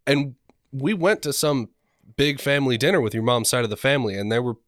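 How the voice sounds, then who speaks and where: A man from California in relaxed podcast chat, adding chuckling asides. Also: medium pitch, fairly quick, no echo, studio quality. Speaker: podcast co-host. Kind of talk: casual chat.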